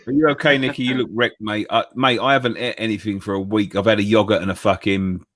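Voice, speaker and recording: A man's voice: lowish voice, fairly even intonation, quick pace, fairly bright tone, no echo, studio quality. A man on a casual fan show panel who swears and jokes freely. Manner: sweary, jokey. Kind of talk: casual banter.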